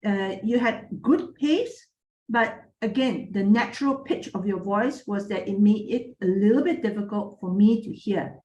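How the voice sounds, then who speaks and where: A woman giving spoken feedback as a moot court judge, her voice clear and made to carry. She talks frankly but kindly, with fillers and restarts. The sound is echoey, as in a bare room. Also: mid-range voice, normal speed, darkish tone. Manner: clear, projecting voice.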